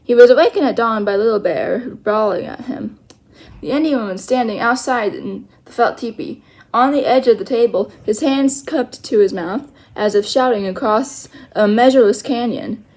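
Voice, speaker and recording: Woman, storyteller, children's book read-aloud, careful slow reading, small self-corrections, fairly high voice. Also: a little mellow.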